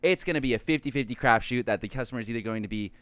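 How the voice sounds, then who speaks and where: Fast-talking young man telling stories. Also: medium pitch, fairly bright tone, clear, resonant tone, dry recording. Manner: storytelling, acts out phone calls, swears freely. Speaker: podcast co-host. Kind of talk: casual chat among friends.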